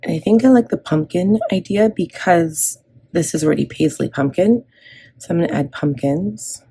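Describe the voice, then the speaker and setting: A woman from Canada, in her thirties, talks casually while planning and decorating a planner. Her voice is lowish, mellow and a little husky. She rambles, with lots of ums and restarts. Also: normal speed. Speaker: planner vlogger.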